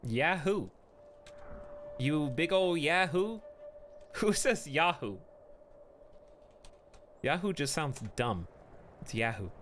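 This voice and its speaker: Chatty, bright-voiced man streaming a game. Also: fairly high pitch, very animated, slight background noise. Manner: rambling, joking, quick to laugh. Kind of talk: casual gameplay stream commentary.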